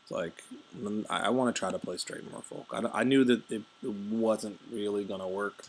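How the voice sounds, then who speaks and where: Deep gravelly man rambling over gameplay. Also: fairly even intonation, normal speed, a little hiss or hum. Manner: rambling, jokey, many fillers and asides. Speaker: game commentator. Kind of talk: casual gameplay commentary.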